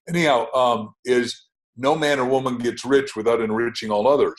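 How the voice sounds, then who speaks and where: A man's voice: medium pitch, steady tone, normal speed, poor audio. An older man, a podcast guest and author, telling stories with rambling asides and name-dropping. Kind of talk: podcast interview, enthusiastic storytelling.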